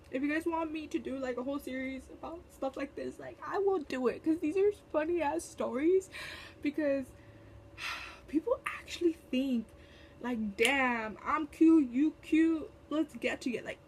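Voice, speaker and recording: A woman's voice: high-pitched, slight background noise. A young woman telling a storytime vlog in casual, chatty talk, full of fillers and sassy asides. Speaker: vlogger.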